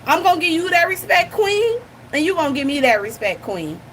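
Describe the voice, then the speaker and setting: Woman, high voice, blunt, animated, talking to viewers, faint hiss. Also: a little fast. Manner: blunt, animated, talks straight to the audience. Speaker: reaction channel host. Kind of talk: casual commentary to viewers.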